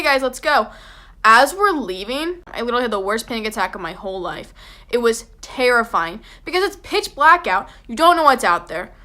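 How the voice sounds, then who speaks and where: A woman's voice: a little high, bright, forceful tone. A young woman telling a dramatic storytime vlog, chatty and full of "like.". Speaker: vlogger.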